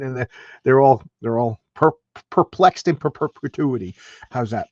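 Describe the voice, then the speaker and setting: A man's voice: medium pitch, normal speed, a little mellow, no room sound, lo-fi sound. A man hosting a casual comic book review, talking in a rambling, enthusiastic way with many restarts and asides. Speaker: comic book show host.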